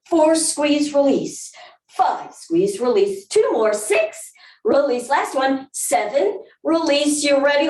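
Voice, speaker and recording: This live barre session is led by a Southern-accented woman whose voice is medium in pitch and darkish in tone. She keeps things upbeat with counts and whoops, heard from afar in a roomy recording.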